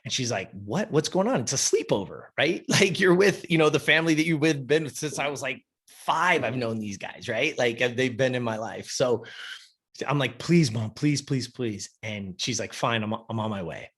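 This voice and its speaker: A man's voice: mid-range voice, expressive, normal speed, fairly bright tone, breathy edge. A man in his fifties, a podcast guest, telling a personal story in a casual, emphatic and profane way. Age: 50s.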